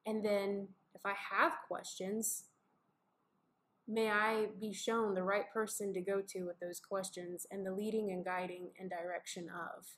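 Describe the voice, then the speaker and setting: A woman's voice: medium pitch, little pitch movement, a little slow, a bit bright. A mother talking earnestly and reflectively in a casual faith conversation, acting out little scenes as she goes. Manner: earnest, reflective, acts out quotes vividly. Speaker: mother and co-host of a family faith podcast.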